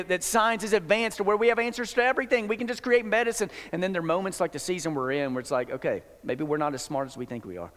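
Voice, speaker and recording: A man's voice: high voice, a bit bright. A male pastor giving a sermon in a conversational preaching manner, often restarting his phrases. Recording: long hall reverb.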